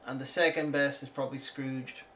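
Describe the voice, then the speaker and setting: A man's voice: mid-range voice, little pitch movement, moderate pace, bright, forceful tone, a little hiss or hum. Dry-talking man, podcast co-host. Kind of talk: casual chat.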